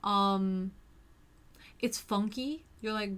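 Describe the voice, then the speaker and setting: Woman hosting a chill chat, rambles, restarts a lot, mid pitch. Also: fairly even intonation, a little slow, creaky, fairly bright tone. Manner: rambling, with frequent restarts and fillers. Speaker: host. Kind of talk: casual chat.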